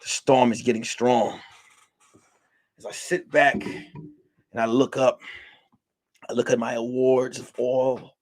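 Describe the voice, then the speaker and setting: A male comedian telling a mock film-noir detective story in slow, dramatic narration with crude asides. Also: medium pitch, little pitch movement. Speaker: comedian and podcast host.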